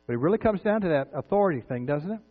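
A man's voice: a little high, lively intonation, rapid-fire. A preacher, a man in his fifties or older, giving an earnest, conversational sermon full of rhetorical questions. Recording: tinny phone-like sound with mains hum.

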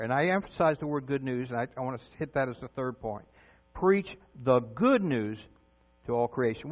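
Man, middle-aged, preaching, asks the congregation questions, tinny lo-fi sound. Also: medium pitch. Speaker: pastor. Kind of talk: sermon. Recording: tinny phone-like sound with mains hum.

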